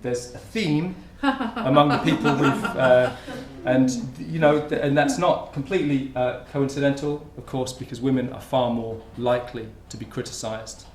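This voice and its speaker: A man's voice: medium pitch, normal speed, few pauses, slight background noise. A man giving a conference talk in a lecture room, in an informal, conversational way. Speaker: academic speaker. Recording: roomy lecture hall with faint ambience.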